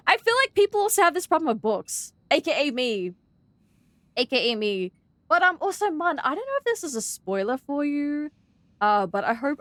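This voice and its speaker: Bubbly high-voiced Australian woman streamer. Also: a little slow, pauses often, no echo. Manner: bubbly, excitable, gasps and squeals when greeting viewers. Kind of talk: live gaming stream chat.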